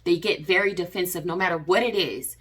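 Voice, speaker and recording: A woman's voice: lowish voice, fairly quick, a bit bright, slightly rough. A woman talking to camera in an earnest, repetitive way, with many fillers and restarts. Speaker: vlogger. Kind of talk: personal advice vlog.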